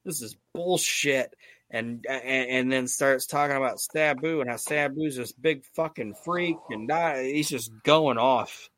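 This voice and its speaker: A man's voice: medium pitch, a little slow, hardly any pauses, a bit bright, no echo. Profane, enthusiastic male podcast host. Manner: profane, enthusiastic, rambling with restarts. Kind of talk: casual wrestling podcast chat.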